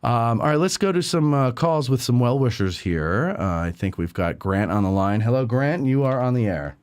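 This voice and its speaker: A man's voice: medium pitch, expressive, normal speed, darkish tone, clear, resonant tone. A man hosting a talk show, chatting casually and rambling with many fillers. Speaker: radio show host. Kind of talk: casual chat.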